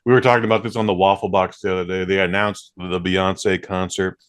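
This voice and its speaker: A man's voice: sits low, flat delivery, a little fast, clean tone. A man hosting a podcast, chatting casually and ranting with plenty of swearing. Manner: ranting, profane. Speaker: podcast host. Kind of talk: casual chat.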